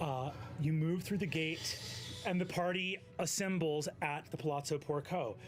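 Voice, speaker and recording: A man running a tabletop game as game master, lively and quick to laugh, with many fillers. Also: a little high.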